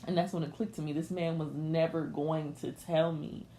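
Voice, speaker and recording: Young woman in a candid, lower-pitched rant. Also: level tone, normal speed, mellow, slight background noise. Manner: confiding, emotional, addresses listeners as y'all. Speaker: podcast host.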